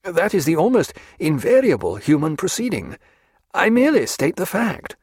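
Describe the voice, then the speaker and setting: An unflappable naval doctor , voiced by a male narrator, answers with dry, precise formality. His pitch moves a good deal, and the sound is close and dry. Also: huge pitch swings, normal speed, a little mellow, husky, no echo, exaggerated voice. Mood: composed. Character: composed, evasive naval doctor, man.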